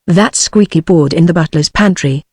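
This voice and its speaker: A British text-to-speech woman's voice reading the lines of a boastful, excitable male toad in a storybook. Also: fairly low pitch, moderate pace, slightly rough, dry recording, clean studio sound. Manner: flat synthetic delivery.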